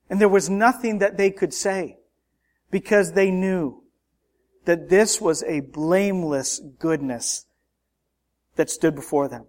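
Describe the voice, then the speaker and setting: Male preacher, high voice, slow deliberate delivery, fervent sermon. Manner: impassioned, rhetorical, swings between loud emphasis and hushed lines.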